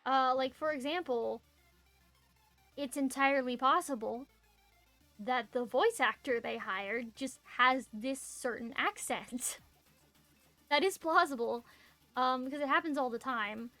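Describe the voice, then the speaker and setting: A woman's voice: high-pitched, a little slow, pauses often, sharp tone, dry recording, faint music behind. A woman with a Southern US accent, chatting casually on a stream as she draws, thinking aloud and explaining things to her chat.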